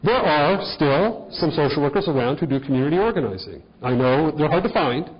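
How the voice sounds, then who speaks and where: A man's voice: a little high, lively intonation, fairly quick, lo-fi sound. A man giving a conversational lecture to a live audience, posing questions to the room as he walks through cases. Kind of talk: continuing-education lecture.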